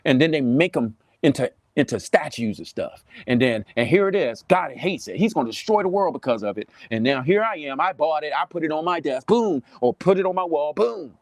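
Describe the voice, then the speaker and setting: A Southern US preacher speaks to camera in a lively voice that leaps up and down in pitch. His pitch sits a little high for a man. He sounds dry and close, as if talking into a webcam on his desk. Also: a little fast, few pauses, no room sound. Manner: animated, preachy, mocking impressions, repeats himself. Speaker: pastor. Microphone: webcam or phone on a desk, livestream.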